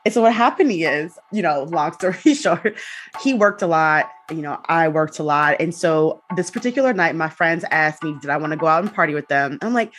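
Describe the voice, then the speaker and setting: A young adult woman telling a personal story in a casual, animated way, acting out the quotes. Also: low voice, a little fast, soft background music. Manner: animated, acts out quotes with laughs and swearing. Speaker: guest.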